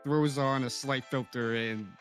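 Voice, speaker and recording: A man guesting on a casual podcast as a roleplay streamer, talking animatedly with quick restarts. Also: mid-range voice, steady tone, a bit bright, faint music behind. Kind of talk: casual chat.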